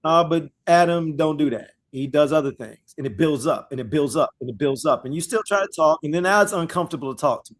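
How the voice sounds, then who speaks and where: A man with a high voice leads a live scripture discussion in a loose, conversational way. He repeats his phrases and speaks to his listeners as "y'all." When he reads verses, he slows right down and stresses each word. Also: lively intonation. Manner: reads verses slowly and deliberately.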